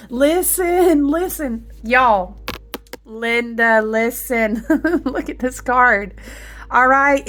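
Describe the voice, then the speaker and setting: A woman's voice: a little high, a bit bright. Chatty woman giving a rambling tarot reading. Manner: chatty and rambling, many fillers, addresses viewers as y'all. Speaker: tarot reader. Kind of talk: casual spiritual tarot reading.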